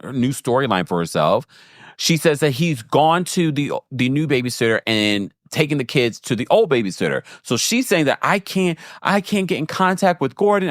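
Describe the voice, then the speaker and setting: Animated man recapping reality TV. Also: no room sound, studio quality. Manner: animated, jumps into high mocking voices when quoting people. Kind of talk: casual recap commentary.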